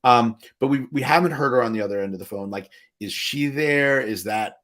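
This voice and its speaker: A man hosting a podcast in casual conversation, talking in an animated way with many restarts. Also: mid-range voice, fairly quick. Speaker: podcast host. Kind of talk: casual chat.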